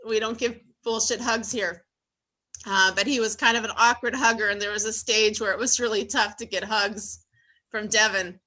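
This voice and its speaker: A middle-aged woman hosting an online support meeting on a video call, halting and tearful, telling a personal story. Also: mid-range voice, fairly even intonation, bright, forceful tone. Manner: laughing, teary, halting, repeats herself. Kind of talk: emotional welcome and personal story.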